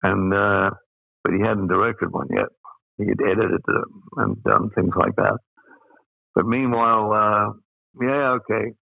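A man's voice: fairly low pitch, fairly even intonation, unhurried, gravelly, pauses often, no room sound, narrow, tinny audio. An older Australian man telling rambling anecdotes as an interview guest, full of fillers. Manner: rambling, with many uh fillers and laughs. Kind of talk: anecdotal storytelling.

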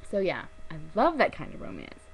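A young woman chats to her camera in a gushing, rambling way, full of fillers and giggles. Her voice sits a little low, but it swoops up and down all the time. A faint hum runs behind her. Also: huge pitch swings, brisk, creaky. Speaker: vlogger. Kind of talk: casual chat to camera.

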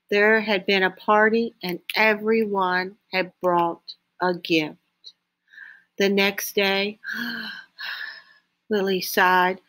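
A woman with a medium-pitched voice reads a children's picture book aloud. She tells the story slowly and expressively, like a storybook reader.

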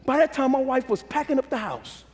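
A man from Brooklyn, a pastor preaching a sermon in call-and-response style, dropping to a hush and rising to shouts. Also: extremely high pitch, animated, brisk. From Brooklyn, New York. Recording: long hall reverb.

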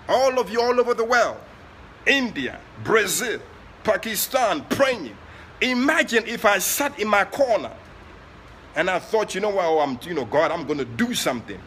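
A man with a Ghanaian accent preaching during an online prayer session, moving between soft asides and loud, passionate exclamations. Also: high voice, a little hiss or hum. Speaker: prophet leading online prayer. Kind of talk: sermon.

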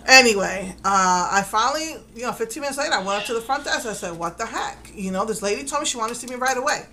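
Chatty bright-voiced woman retelling her day. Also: fairly high pitch, expressive, fast, a little hiss or hum, rough recording. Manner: chatty, retelling events with quoted dialogue and nervous laughs. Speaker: mother. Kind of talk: casual personal vlog storytelling.

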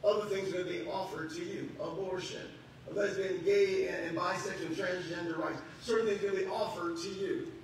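A pastor preaches to his congregation, pushing his points with rising emphasis and asking rhetorical questions. His voice sits a little high for a man. It rings through a very echoey church hall, picked up from a distance with a faint hum underneath. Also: steady tone, a little fast. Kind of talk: sermon. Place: church sanctuary.

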